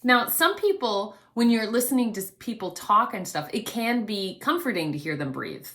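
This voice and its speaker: A woman vocal coach teaching an online singing lesson, explaining calmly and demonstrating quiet breaths. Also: medium pitch, moderate pace. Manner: gently instructive, demonstrates breaths.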